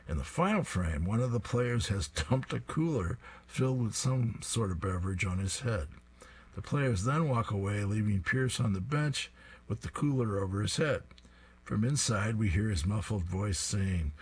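A man's voice: lowish voice, expressive, normal speed, husky. A man reading comic strips aloud, describing each panel with amused asides.

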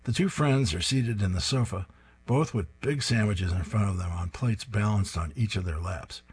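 A man with a low, husky voice reads newspaper comic strips aloud. He describes each panel in a plain, steady way and then moves on to the dialogue. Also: moderate pace.

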